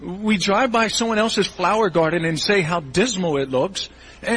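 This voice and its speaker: A male pastor giving a sermon in a church, animated and acting out the voices of churchgoers in quick asides. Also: high-pitched, slightly rough, poor audio.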